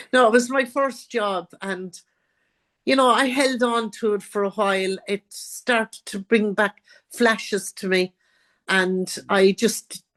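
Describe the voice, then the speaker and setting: A woman's voice: medium pitch, fairly even intonation, slow pace, fairly bright tone. An Irish woman, a guest author, telling her own life story in an interview and acting out what others said. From Ireland.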